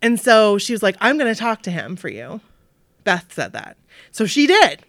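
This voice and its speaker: Speaking at normal speed in a mid-range voice, a woman from Maine, USA, shares a story casually, animatedly playing the parts of the people she quotes and filling gaps with "like". The studio sound is clean, without any room sound.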